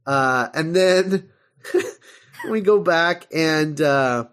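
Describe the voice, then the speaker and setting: A man's voice: fairly high pitch, animated, drawn-out words, fairly bright tone, clean tone. A man co-hosting a podcast, casually recapping an episode with lots of laughter and fillers. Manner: chatty, laughs often, many fillers while retelling. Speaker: podcast co-host.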